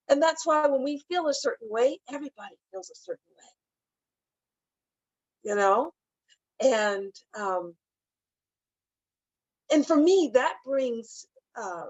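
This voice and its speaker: A middle-aged woman speaking as a spiritual teacher, talking gently and emotionally about grief and often repeating her phrases. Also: high voice, expressive, slow, long pauses, no room sound, lo-fi sound. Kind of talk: heartfelt talk on grief.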